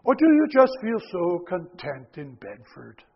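A man with a very high voice preaches a sermon, rising to loud exhortation and dropping to quiet near-whispers. He often stumbles and repeats words as he works a point out. The sound is dull and lo-fi, with a long reverb from a large hall. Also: wildly swooping pitch, a little slow, husky.

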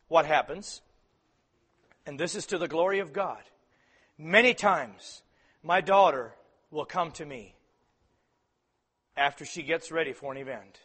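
A man preaching a sermon to fathers, swinging from loud emphatic peaks to soft, quiet asides. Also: on the high side, husky.

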